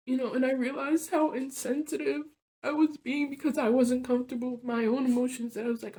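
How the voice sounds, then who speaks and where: Telling a personal story to her vlog, this woman vlogger rambles and confesses, leaning on "like" and "you know" and often dropping to a soft, low voice. Her pitch barely moves, and she talks briskly.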